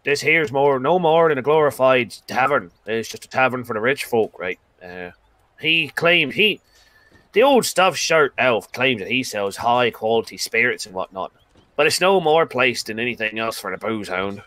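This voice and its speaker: A man voicing a loud, boisterous male adventurer who talks in brash, chummy slang. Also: medium pitch, animated, moderate pace, no echo. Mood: jovial.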